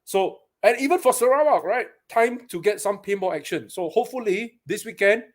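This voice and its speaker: Chatty Singaporean man, fairly high voice. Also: animated, normal speed. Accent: Singaporean English. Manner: chatty, greets viewers by name, laughs often. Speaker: live stream host. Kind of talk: casual live-stream chat. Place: paintball shop.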